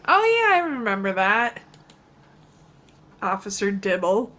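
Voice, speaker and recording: A woman's voice: medium pitch, sing-song, a little slow, sharp tone. A woman with a mid-range voice co-hosts a casual live stream. She drops in brief, teasing remarks from the side. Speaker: co-host.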